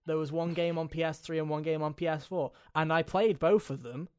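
A man hosting a casual gaming podcast, talking in an animated, jokey way and riffing with friends. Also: fairly high pitch, brisk, clear, resonant tone. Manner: animated, jokey, mimics silly voices. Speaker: podcast host. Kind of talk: casual chat.

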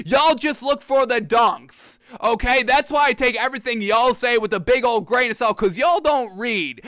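Man, sports show host, emphatic and exasperated, bright tone, dry close sound. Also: very high-pitched, no echo. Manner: emphatic, exasperated, repeats points. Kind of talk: ranting sports commentary to camera. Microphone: camera mic.

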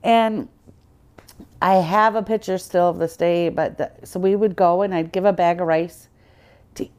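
A woman's voice: fairly low pitch, steady tone, a little slow, darkish tone, smooth. A woman guest on a podcast, earnestly telling her personal faith story in conversation and acting out the dialogue she quotes.

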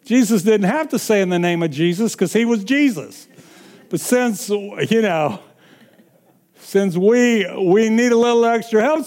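High-voiced man preaching slowly. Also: expressive, a little mellow. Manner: emphatic, repeats lines, chuckles often. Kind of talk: sermon.

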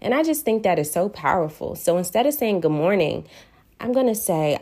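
A woman with a notably low voice and a lilt hosts a casual solo podcast. She talks in an earnest, reflective way and draws out the words she wants to stress. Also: expressive, dark tone, slightly rough. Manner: earnest, reflective, drawn-out emphasis on key words. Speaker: podcast host.

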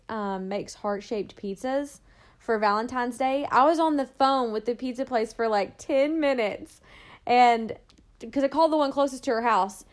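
A young woman co-hosting a podcast, chatting casually and telling stories with lots of "like". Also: fairly high pitch. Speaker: podcast co-host. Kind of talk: casual chat.

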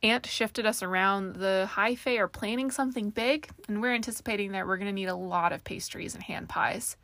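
A woman voicing a chatty, wry young fae sister who talks in a brisk, gossipy way. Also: mid-range voice, fairly bright tone, no room sound, lightly acted. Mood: grumbling.

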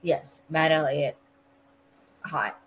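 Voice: mid-range voice, drawn-out words, fairly bright tone, rough recording. A podcast host recapping a TV episode in casual chat, rambling and full of fillers. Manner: rambling, filler-heavy storytelling.

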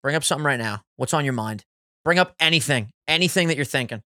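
A man co-hosting a casual podcast, excitable and laughing often, swearing freely as he tells stories. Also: on the high side, fast talker, no echo, clean studio sound. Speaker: podcast co-host.

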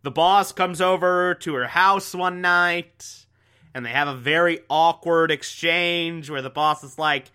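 A man's voice: on the high side, measured pace, bright, forceful tone, clear, resonant tone. A young man casually recapping a TV show, enthusiastic and repetitive, with lots of fillers. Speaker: TV recap host.

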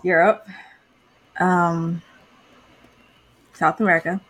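A woman's voice: fairly low pitch, level tone, takes it slowly, a bit bright, breathy edge. A woman co-hosting a podcast in casual chat, giggly, easily flustered and self-deprecating. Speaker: podcast co-host.

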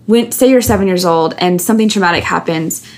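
A woman's voice: lowish voice, a little fast, darkish tone. A woman, a podcast guest, talking candidly and earnestly, telling personal stories with many restarts and fillers.

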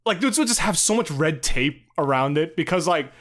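A man's voice: on the high side, animated, normal speed, fairly bright tone. A man co-hosting a casual podcast, laughing often and improvising silly voices in comic bits. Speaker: podcast co-host. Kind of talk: casual chat.

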